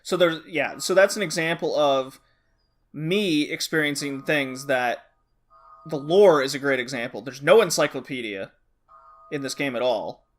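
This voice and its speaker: A man's voice: on the high side, moderate pace, soft background music. A man co-hosting a podcast, bluntly complaining and swearing in casual chat. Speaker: podcast co-host.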